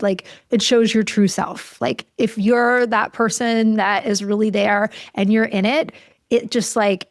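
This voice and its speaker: A woman's voice: medium pitch, no echo, clean studio sound. A woman hosting a podcast interview, talking in a reflective, empathetic way with many "like" fillers. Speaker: podcast host. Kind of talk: casual conversational interview.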